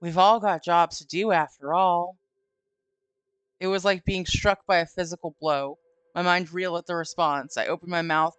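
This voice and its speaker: A woman's voice: deep voice, a bit bright, clean tone, no echo. A woman streamer reading a horror story aloud and chatting, giggly and casual. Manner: giggly, reads aloud with quoted voices.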